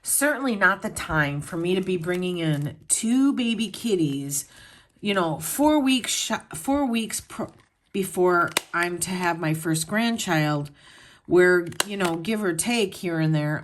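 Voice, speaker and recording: A woman's voice: lowish voice, expressive, a little slow, a little hiss or hum. A middle-aged woman chatting casually at home as a planner vlogger, rambling and talking straight to her viewers. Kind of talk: casual chat.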